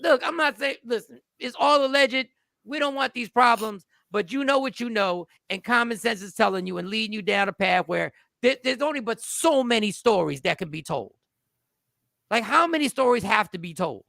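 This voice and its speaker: A man's voice: sits high, lively intonation, moderate pace, gravelly, sharp tone, no echo, clean studio sound. A man hosting a casual talk show, arguing emphatically in slangy speech and repeating words for stress. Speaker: show host.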